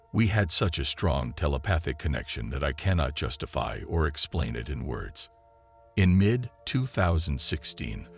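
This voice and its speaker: A man narrating a listener's written story in the first person, in a calm and measured reading style. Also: very deep voice, vocal fry. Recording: soft music behind the voice.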